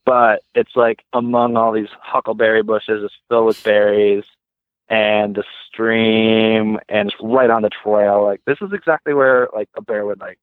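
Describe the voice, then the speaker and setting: A man talking as a guest, telling a story casually with many "like"s and lively retellings. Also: lowish voice, normal speed, no echo. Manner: heavy use of "like", lively retelling. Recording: tinny phone line, dry.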